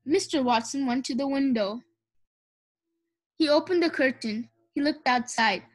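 A woman narrating a children's storybook with clear, measured pacing. Her voice is high. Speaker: audiobook reader. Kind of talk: children's storybook read-aloud.

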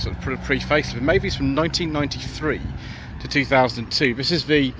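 Street noise fills the background as a British man, host of a car channel, walks the town spotting cars and enthusiastically chatting to viewers. He has a British English accent and an expressive, mid-range voice, going a little fast.

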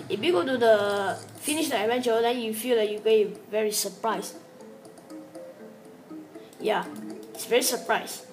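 Rambling woman commentating gameplay. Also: on the high side. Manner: rambling, broken English, chatty with self-talk. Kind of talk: casual game commentary. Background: game music.

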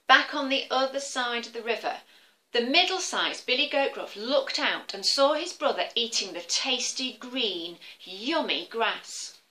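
A woman storyteller telling an interactive tale for children, animated and encouraging them to join in. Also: a little high, measured pace, low-quality recording.

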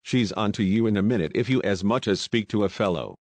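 A man's voice: on the low side, fast, a little mellow, no room sound. A man reading the lines of a young housemaid in a storybook, blunt and complaining as she gossips.

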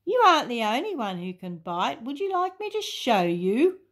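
A woman voicing a bold, boisterous jungle animal who talks loudly and lively. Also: fairly high pitch, moderate pace, pitched above the performer's own voice. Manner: loud, lively, teasing.

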